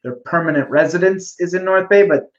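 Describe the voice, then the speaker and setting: A man's voice: high-pitched, fairly quick. A man in casual podcast chat, skeptical and profane, laughing often. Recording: echoey, dull-sounding mic.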